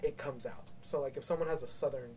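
A man's voice: medium pitch, fairly even intonation, fast talker, a little mellow, slight background noise. A man chatting casually on a podcast, rambling with lots of fillers and swearing. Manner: rambling, profane, many fillers. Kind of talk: casual chat.

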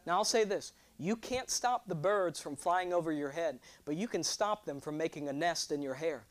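Energetic young pastor preaching. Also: male voice, on the high side, moderate pace. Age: 20s. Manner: animated, joking, call-and-response with congregation. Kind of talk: sermon.

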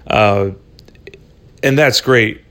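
A man's voice: fairly low pitch, extremely slow, fairly bright tone. Dude rambling on his podcast into a phone, swears constantly, super laid back. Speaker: podcast host. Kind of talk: solo casual podcast rant.

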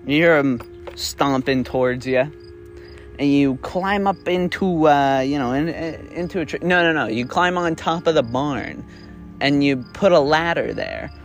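A man's voice: on the high side, a little slow, soft background music. A young man improvising a second-person story, rambling with restarts and the odd swear word.

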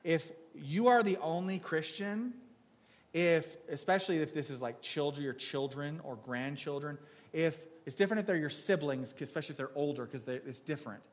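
A man gives a laid-back sermon in church, talking like he's swapping stories with friends. His voice sits a little high for a man, and he jokes and restarts phrases as he goes. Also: moderate pace. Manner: joking, storytelling, frequent restarts. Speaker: preacher. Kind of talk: casual conversational sermon.

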